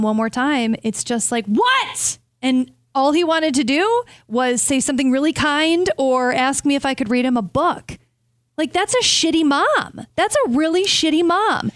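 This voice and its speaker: A woman's voice: sits high, dry recording, clean studio sound. A woman co-hosting a casual chat, talking candidly and self-deprecatingly about work and motherhood. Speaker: co-host.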